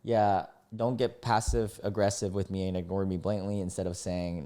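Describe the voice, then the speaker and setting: A man's voice: sits low, normal speed. Exasperated man reacting to cringe texts. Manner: mocking, exasperated, reads texts in a flat mutter. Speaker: streamer reading posts. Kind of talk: reaction commentary.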